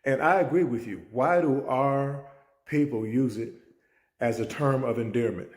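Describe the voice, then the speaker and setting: A man's voice: medium pitch, a little slow, reverberant. A man who is a teacher and mentor, telling a story as a life lesson and acting out the dialogue. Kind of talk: spoken life-lesson talk.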